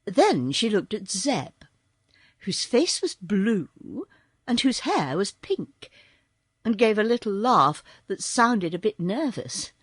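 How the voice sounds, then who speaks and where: Woman, audiobook narrator, unhurried storytelling, animated pitch, breathy, close dry mic. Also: no echo. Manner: slow, expressive storytelling. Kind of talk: scripted narration.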